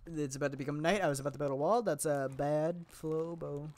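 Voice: mid-range voice, steady tone, fairly quick, a little mellow. A gameplay commentator chatting casually and playfully to viewers, rambling, giggling often and joking about themself.

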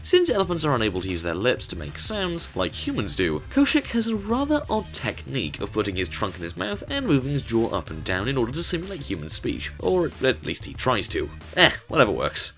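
A man's voice: medium pitch, huge pitch swings, fairly quick, few pauses, fairly bright tone, soft background music. A man narrating a fact video from a script in an upbeat way, with playful asides.

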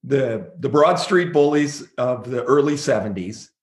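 A man's voice: medium pitch, lively intonation, a little slow. Male podcast host in a roomy echo. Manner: leads the guest with questions. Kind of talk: casual podcast interview.

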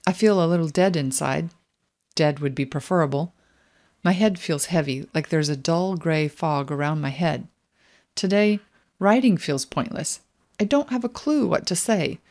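Woman, middle-aged, low voice, memoir narration, introspective, measured. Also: a little mellow. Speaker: memoir author reading her own book.

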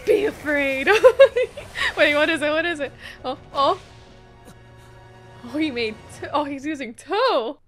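A woman hosting an anime reaction video, chatting casually and breaking into gasps, laughs and loud exclamations. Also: high voice, slow, long pauses, soft background music. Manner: excitable, gasping, laughing and exclaiming often. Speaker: anime reaction channel host.

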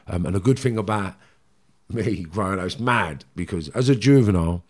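A man's voice: low voice, normal speed. A middle-aged man with a London Cockney accent, a podcast guest candidly telling rambling, streetwise stories from his past. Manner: streetwise, rambling, frequent "do you know what I mean". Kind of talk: candid storytelling interview.

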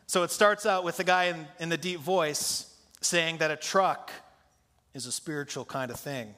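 A man's voice: a little high, moderate pace, pushed and bright. A male pastor preaching a sermon in a conversational way, putting questions to his congregation. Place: church sanctuary. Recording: long church hall reverb.

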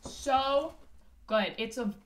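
A woman's voice: high-pitched, extremely slow. A young woman from Canada co-hosting a snack tasting video in a playful, exclaiming casual chat. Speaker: co-host of a snack tasting channel.

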